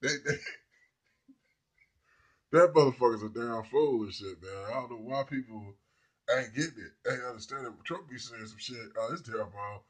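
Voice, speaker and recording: A man's voice: medium pitch, normal speed, long pauses, husky. A man delivering a rambling, profane comedic rant to his viewers. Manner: profane, rambling, laughs at people. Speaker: vlogger.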